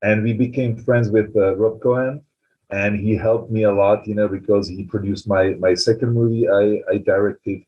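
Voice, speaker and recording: A man's voice: on the low side, moderate pace. Czech-accented man telling stories. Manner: animated storyteller, frequent "you know". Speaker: film writer-director guest. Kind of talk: anecdotal interview storytelling. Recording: dull lo-fi sound.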